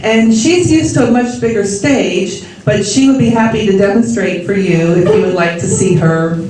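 A woman's voice: medium pitch, moderate pace. Chatty woman emcee in an echoey hall. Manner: relaxed and chatty, with small hesitations. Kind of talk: casual stage introductions. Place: church hall with audience. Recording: echoey hall from far off with noise.

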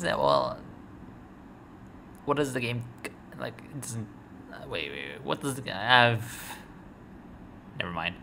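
With a gravelly medium-pitched voice, a little slow and full of long pauses, this gamer rambles while playing a strategy game. He's sleepy and yawning, tripping over words and addressing the screen, over steady background noise.

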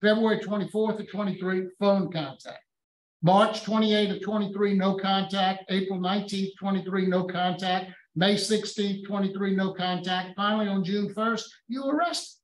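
A man's voice: high voice, fairly even intonation, moderate pace, a little hiss or hum. A man on a parole board questions a parolee sternly and pointedly. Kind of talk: hearing interrogation. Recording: echoey room, speaker far from mic.

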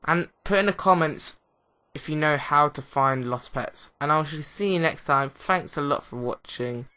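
A young man with an English accent gives rambling, excitable let's play commentary, often mocking himself. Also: fairly high pitch, moderate pace. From England. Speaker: gaming commentator.

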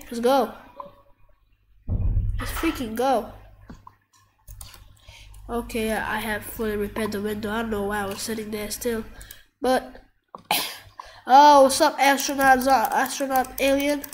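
A woman commentating her gameplay while sick and coughing, excitable, yelping and trash-talking at the screen. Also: a little high, measured pace, pauses often, a little hiss or hum. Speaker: gamer.

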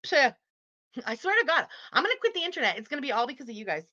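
A woman from Quebec, Canada, hosts a livestream, reading super chats in casual chat, laughing often, teasing viewers and swearing freely. Her high voice is very animated, rapid-fire, pushed and bright, with no room sound, coming through a muffled built-in computer mic.

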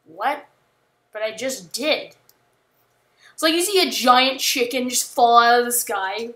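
A woman chatting casually while playing a video game, rambling and joking, with sudden panicked yells. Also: a little high, normal speed. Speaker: gamer. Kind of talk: casual gameplay commentary.

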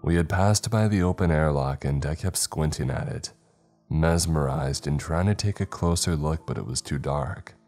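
A man reading a horror story aloud in calm, measured scripted narration. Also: extremely low pitch, soft background music.

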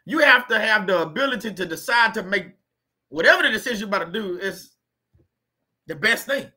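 A man's voice: high voice, expressive, a little fast, sharp tone, slightly rough. A man hosting a casual, faith-based motivational talk, speaking in a colloquial, preachy way and repeating his points for emphasis. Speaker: host.

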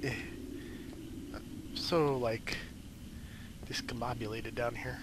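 A man hosts a gaming video, giving casual, goofy commentary with rambling jokey asides as he plays. His medium-pitched voice stays steady and slow, with background noise in the recording.

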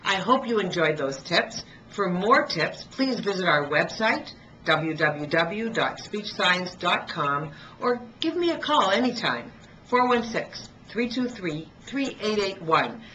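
A middle-aged woman giving a pronunciation lesson on video, speaking clearly and deliberately and slowing down to demonstrate sounds. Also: fairly low pitch, sharp tone, slight background noise, low-quality recording. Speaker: pronunciation coach. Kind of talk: instructional video talk.

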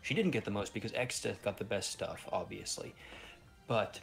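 A man's voice: lowish voice, normal speed, creaky, faint music behind. A man co-hosting a gaming stream, rambling and correcting himself, with the odd swear. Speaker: podcast co-host. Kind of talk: casual gaming stream chat.

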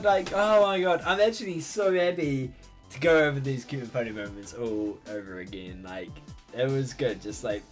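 A man reacting to a show on his channel in casual talk, excitable and gushing, often breaking into laughter. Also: medium pitch, normal speed, soft background music.

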